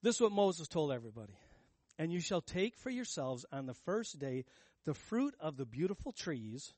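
A man's voice: on the high side, darkish tone, no room sound. A man preaching a sermon, talking conversationally and emphatically and asking the congregation questions. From United States. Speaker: pastor.

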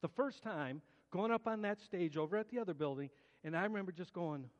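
Male pastor, testimony sermon, fairly high voice, long hall reverb, earnest and plainspoken. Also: fairly quick, muffled recording. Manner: earnest, colloquial storytelling with stammered restarts.

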